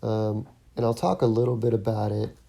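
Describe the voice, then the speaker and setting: A man talks on his own podcast in a loose, rambling monologue, full of fillers and false starts. His voice sits dark and mellow, with a gravelly edge at the bottom. The delivery stays casual and unscripted. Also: fairly low pitch, steady tone, moderate pace. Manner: rambling, lots of ums and restarts. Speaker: podcast host, stand-up comic.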